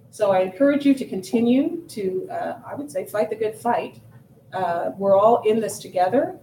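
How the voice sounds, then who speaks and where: A woman's voice: medium pitch, dark tone, reverberant, recorded from a distance, rough recording. Female guest speaker, earnest lecturing tone, recorded from afar in a room with faint noise. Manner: earnest, emphatic lecturing with repetition. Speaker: guest speaker, accountability officer. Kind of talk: seminar presentation. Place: seminar room.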